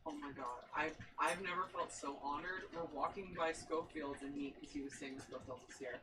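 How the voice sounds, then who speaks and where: A low-pitched woman, a podcast guest, tells her story with eager enthusiasm and keeps breaking into laughter. She sits some distance from the mic, and a clear layer of background noise runs under her voice. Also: a little fast. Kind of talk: casual podcast chat.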